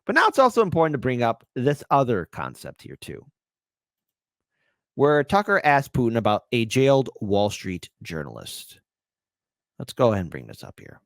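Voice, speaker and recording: A man hosting a livestream commentary show, talking in a lively, swooping voice that keeps jumping up and down. His delivery is animated and punctuated by exclamations. The sound is dry and close, with no room around it. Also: medium pitch, moderate pace, gravelly, no echo.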